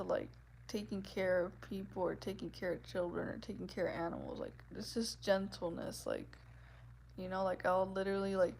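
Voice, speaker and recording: A woman in her twenties chatting casually with her viewers, with a soft, gentle voice and a giggly, rambling way of talking that is full of "like". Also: medium pitch, creaky, a little hiss or hum. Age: 20s. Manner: chatty, giggly, fills speech with "like". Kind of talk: casual livestream chat.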